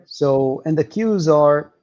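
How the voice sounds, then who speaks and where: A man walking through market levels on a livestream, explaining with many pauses and fillers. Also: fairly high pitch, dull audio, a crowd in the background. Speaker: market analyst guest.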